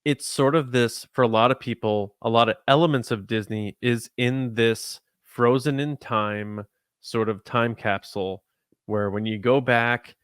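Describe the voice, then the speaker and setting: A man's voice: mid-range voice, fairly even intonation, a little slow, clear, resonant tone, no echo. A man co-hosting a casual podcast chat, teasing and joking in a dry way. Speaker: podcast co-host.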